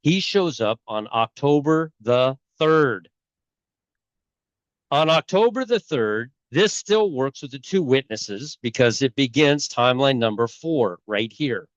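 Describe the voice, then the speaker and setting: A man's voice: mid-range voice, lively intonation, takes it slowly, dry recording, lo-fi sound. A middle-aged man talking casually and rambling, with many fillers and restarts, as a channel host. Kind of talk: casual talk on bible timelines.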